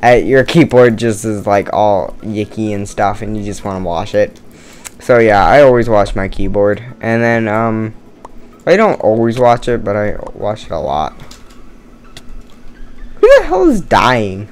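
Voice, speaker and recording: A man's voice: on the low side, very animated, unhurried, slight background noise. A man doing casual let's-play commentary on a murder mystery game, tired from no caffeine, rambling, joking at himself and swearing.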